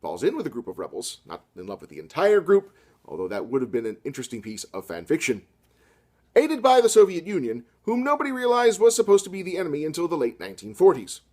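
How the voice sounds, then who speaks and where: A man delivers a satirical literature lecture, his delivery lively and sweeping in pitch. Sarcastic asides land in a deadpan tone. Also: fast. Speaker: comedy lecturer.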